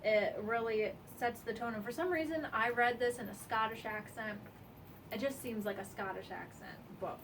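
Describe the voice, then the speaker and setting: A woman casually reviewing a comic, earnest and slightly halting. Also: fairly high pitch, recorded from a distance, noisy background.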